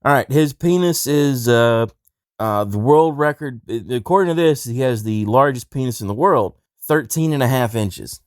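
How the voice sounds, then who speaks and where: A man's voice: medium pitch, animated, moderate pace, clean tone, no room sound, clean studio sound. A man hosting a comedy podcast, telling rambling stories with crude jokes in casual chat. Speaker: podcast host.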